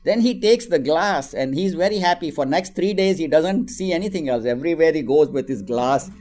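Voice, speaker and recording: A man's voice: on the high side, fairly quick. A man, giving a spiritual teaching on scripture and acting out a story as he tells it. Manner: animated storytelling, acts out voices in quotes.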